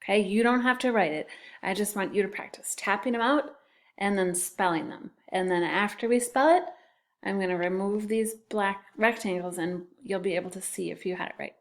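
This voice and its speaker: A woman's voice: mid-range voice, normal speed. A woman teaching a phonics lesson to young children, patiently sounding out and spelling words. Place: classroom.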